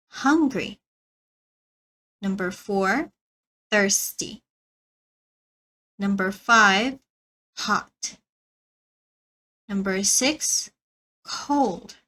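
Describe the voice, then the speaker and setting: Slow, bright-voiced woman teaching English. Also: mid-range voice, poor audio. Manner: slow, careful, repeats words for learners. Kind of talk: slow beginner English lesson.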